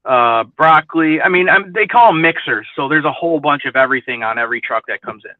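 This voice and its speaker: A man's voice: a little high, quick pace. A man chatting as a guest about his warehouse work, rambling with repeated fillers. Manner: rambling, many repeats of "you know what I mean". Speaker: guest, produce warehouse worker. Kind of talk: casual chat. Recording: tinny phone-like line.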